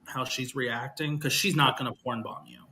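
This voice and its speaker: A man on a livestream discussion, speaking in a measured, questioning way. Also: mid-range voice, fairly even intonation, sharp tone, a little hiss or hum.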